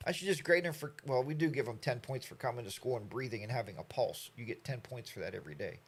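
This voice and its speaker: A man's voice: mid-range voice, fast talker, a little hiss or hum. A middle-aged man from the United States hosting a casual live stream, rambling and chatty as he reads out viewer comments.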